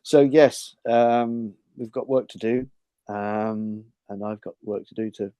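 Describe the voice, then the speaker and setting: A man's voice: medium pitch, warm tone, dry recording. A man co-hosting a casual podcast, reading out race results in a dry, understated way. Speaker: podcast co-host. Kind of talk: casual chat.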